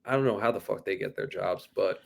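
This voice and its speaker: A man's voice: fairly low pitch, a little fast, gravelly. A man co-hosting a sports podcast, rambling with lots of restarts and casual swearing. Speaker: podcast co-host.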